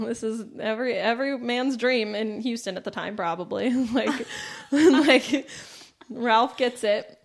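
A woman's voice: on the high side, normal speed. A young woman comedian telling a story in casual conversation, laughing often and acting out the voices in her tale. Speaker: comedian guest.

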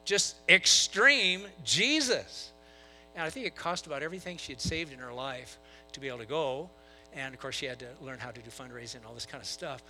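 A man preaching a sermon to a church, telling stories and swinging between soft asides and loud bursts. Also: mid-range voice, fast, faint music behind, poor audio. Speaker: pastor.

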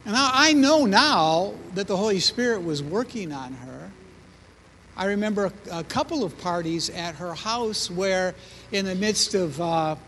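A man's voice: high voice, bright, forceful tone, in a large hall, slight background noise. An older man telling his testimony in a sermon, with humor, to a congregation. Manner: storytelling, self-deprecating humor. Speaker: preacher.

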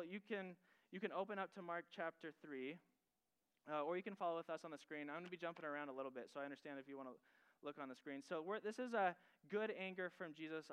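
A man's voice: on the high side, a bit bright, smooth, rough recording. A male pastor preaching a sermon in a casual, conversational way, asking the audience questions directly.

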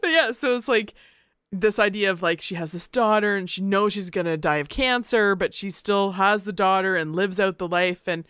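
A woman hosting a podcast, chatting casually and retelling stories with plenty of "like" and quick restarts. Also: mid-range voice, clean tone, no echo, clean studio sound. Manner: chatty, lots of "like", lively retelling. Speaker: podcast host.

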